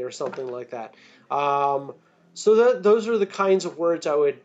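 A man, a children's book author, answering interview questions in a rambling, animated way with many fillers and restarts. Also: mid-range voice, normal speed. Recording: slightly dull lo-fi audio.

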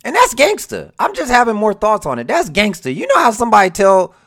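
A speaker giving a casual countdown of wrestling moments, excitable, laughing and acting out scenes in quoted voices. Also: medium pitch, fairly quick. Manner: laughs while telling. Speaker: wrestling commentator.

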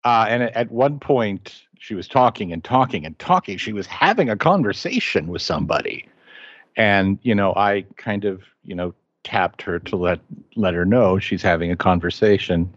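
A man with a lowish voice tells stories on a podcast, lively in the telling. His audio is dry and a little muffled, like a modest home setup. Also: moderate pace, no echo. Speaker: podcast co-host. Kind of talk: casual chat.

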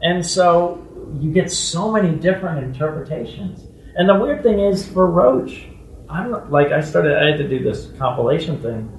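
A man guesting on an interview, telling stories casually and acting out other people's voices with big jumps in pitch. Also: lively intonation, moderate pace, vocal fry, far from the mic, slight background noise. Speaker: guest actor. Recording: echoey room, off-mic with faint ambience.

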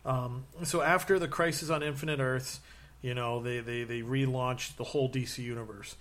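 Speaking at a moderate pace in a mid-range voice, a man spins long stories in casual conversation, restarting often, using many fillers, and performing the quoted lines.

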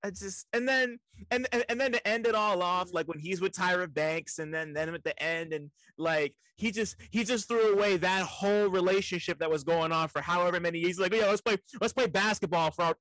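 A young man in casual chat, animated and profane, stammering repeats and laughing often. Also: high voice, brisk, hardly any pauses, dry recording, poor audio.

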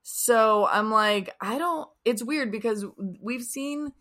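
A woman's voice: a little high, takes it slowly, a bit bright. A young woman co-hosting a casual TV recap podcast, rambling, swearing freely, and trailing off into restarts. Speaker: podcast co-host. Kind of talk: casual chat.

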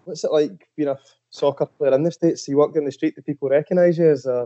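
A man's voice: fairly high pitch, fairly even intonation, fast, dark tone, lo-fi sound. A man hosting a podcast, asking questions with a teasing, jokey manner. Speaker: podcast host. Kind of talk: casual podcast interview.

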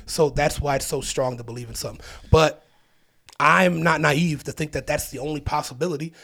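Male comedian guest, lively storyteller, casual podcast talk, laughs a lot. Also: fairly high pitch, brisk, vocal fry. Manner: animated storyteller, laughs often.

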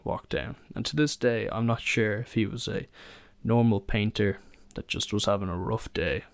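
A man's voice: fairly low pitch, steady tone, normal speed, gravelly, no room sound. A young man, hosting a solo podcast and telling rambling stories in a casual chat, full of fillers and restarts. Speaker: podcast host.

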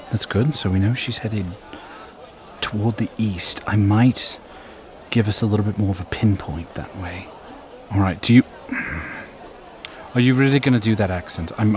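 A man's voice: fairly low pitch, slight background noise. Man talking through a game plan. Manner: playful, hesitant, talks through plans. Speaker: player. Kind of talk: casual game-table chat.

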